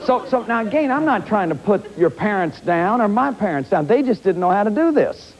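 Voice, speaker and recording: In his fifties, this therapist and lecturer speaks in a high-pitched, brisk voice during a self-help talk, acting out examples with animation and frequently starting sentences over. Some chatter can be heard behind him on the dull, lo-fi recording.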